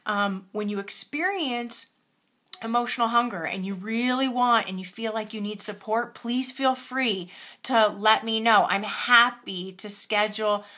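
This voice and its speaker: A woman's voice: a little high, a little slow, sharp tone. A woman weight loss coach talking straight to her viewers, earnest and encouraging, often repeating words for emphasis. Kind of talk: direct-to-camera coaching talk.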